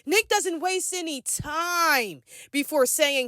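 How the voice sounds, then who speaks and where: A woman's voice: high voice, very animated, slow, a bit bright, dry recording, studio quality. A woman giving a casual, sassy and slangy recap commentary of a reality show episode. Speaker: commentary vlogger.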